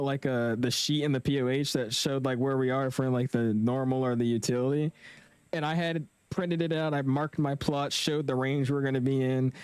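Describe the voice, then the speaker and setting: A man's voice: mid-range voice, a little mellow, clear, resonant tone, dry recording. A young man chatting casually with viewers on a live stream, slangy and talkative. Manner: chatty, slangy, reads chat aloud. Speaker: flight sim streamer.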